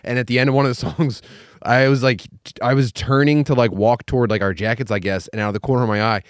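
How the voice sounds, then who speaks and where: A man's voice: medium pitch, fairly even intonation, fast, no echo, studio quality. A man in casual podcast chat, teasing the others and telling vivid anecdotes.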